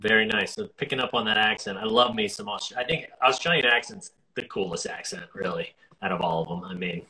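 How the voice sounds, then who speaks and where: American male host, bright forward tone, chatty, loose, rambling. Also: on the low side, fairly quick, low-quality recording. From United States. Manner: rambling, many fillers and restarts, friendly. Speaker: podcast host. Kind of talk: casual interview chat.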